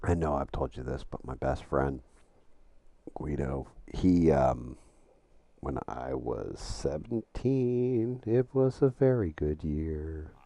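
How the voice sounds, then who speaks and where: A middle-aged man with an extremely low, dark voice, chatting on a live game stream. He swears often and tells long, rambling stories full of restarts. The sound is dry and close. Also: slow pace, no room sound. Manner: profane, storytelling, rambling with restarts. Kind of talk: casual live-stream chat while gaming.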